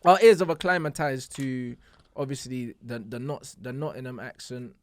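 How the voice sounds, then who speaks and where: A man's voice: medium pitch, normal speed. A man co-hosting, chatting in slang and laughing often. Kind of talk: casual banter.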